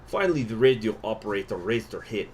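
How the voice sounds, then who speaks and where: A man's voice: on the low side, animated, fast, a little mellow, slight background noise, lightly acted. A man reading game event text aloud in a put-on Russian accent, in a theatrical storytelling manner. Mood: dramatic.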